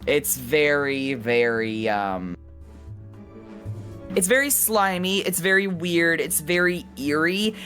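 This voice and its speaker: A woman's voice: sits low, expressive, takes it slowly, fairly bright tone, faint music behind. A woman co-hosting a podcast in casual chat, exasperated, swearing and laughing often. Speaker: podcast co-host.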